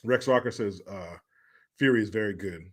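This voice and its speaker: A man's voice: fairly low pitch, normal speed. A man hosting a casual livestream, loose and joking as he reads chat messages aloud. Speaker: livestream host.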